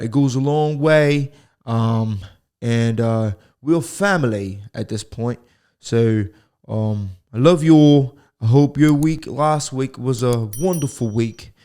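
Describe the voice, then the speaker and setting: Here the same kind of host, a young American man, talks in a medium-pitched voice with a dark tone. His solo comedy podcast monologue wanders, gets profane, and is punctuated by laughter at his own jokes.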